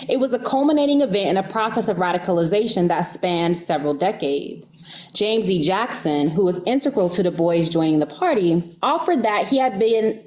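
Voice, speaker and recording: American woman, lower voice, academic lecturer, earnest with light laughs. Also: a little mellow. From United States. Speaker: guest lecturer.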